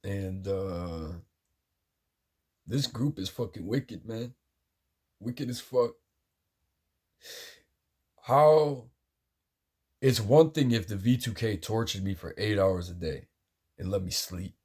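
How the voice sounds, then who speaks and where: Man, very low husky voice, agitated profane rambling monologue. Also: a little slow, pauses often, dark tone.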